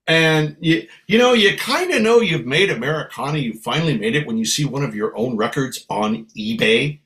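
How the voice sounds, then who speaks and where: A man from San Francisco, a guest musician telling lively anecdotes in a casual interview. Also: mid-range voice, normal speed. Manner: lively storyteller, acts out voices.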